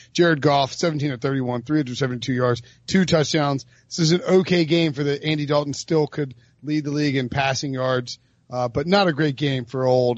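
A man's voice: mid-range voice, no room sound, muffled recording. A man co-hosting a podcast, joking around and reading off game stats. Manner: joking, reads stats in a quick list. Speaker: podcast co-host. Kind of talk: casual sports chat.

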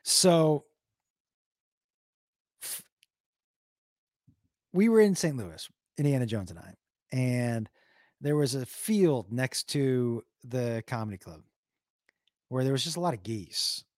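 A comedian streamer reads his live chat, casually telling stories, swearing heavily, animated and making silly noises. His male voice is medium-pitched and slow, with long pauses, in a clean, dry studio recording with no room sound.

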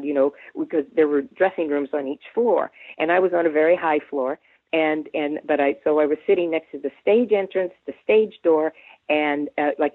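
A woman in her seventies, a guest on an interview, telling an anecdote in a lively way, humming tunes and restarting her sentences. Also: sits low, no echo. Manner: animated storyteller who hums tunes and restarts often. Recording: dry, tinny phone line.

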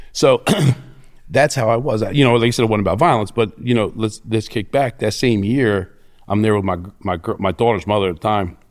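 A middle-aged man, telling stories as an interview guest in a profane, cocky way. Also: on the low side. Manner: profane, cocky, animated storyteller. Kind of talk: casual storytelling.

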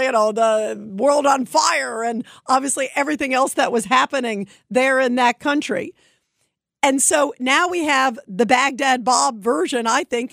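A woman's voice: high voice, vocal fry, a bit bright, dry recording, studio quality. A woman giving emphatic, indignant political commentary. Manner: indignant, emphatic, mocking quotes. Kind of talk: opinion commentary.

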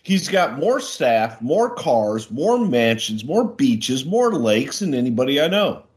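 A man's voice: mid-range voice, very animated, slow, darkish tone. A man co-hosting a podcast, chatting casually and telling a long bawdy joke with voices for each character. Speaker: co-host.

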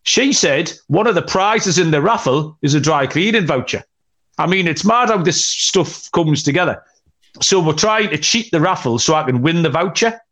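A man's voice: a little high, expressive, moderate pace, a bit bright. A young man with a slightly raised voice co-hosts a podcast in loose, casual chat. He tells rambling, jokey stories full of ums and asides. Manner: rambling, jokey storytelling with many fillers. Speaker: podcast co-host.

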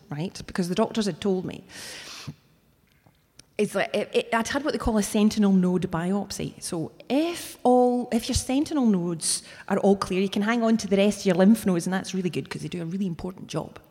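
A woman's voice: medium pitch, darkish tone, husky. A woman recounts a personal story live before an audience. Her humour is wry and turned on herself. Her mid-range voice rings out in a hall with a long, lingering reverb. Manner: wry, self-mocking humour. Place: theatre stage before an audience.

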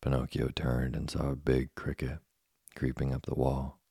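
Male bedtime narrator: ultra-low, flat, husky, soothing. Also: no room sound, studio quality. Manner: slow, soothing, even delivery. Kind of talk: sleep story reading.

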